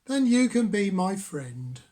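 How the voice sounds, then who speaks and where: Storybook tree frog voiced by an older man, Devon accent, friendly, eager, raised pitch. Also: big pitch swings, slow pace, darkish tone, exaggerated voice. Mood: cheerful.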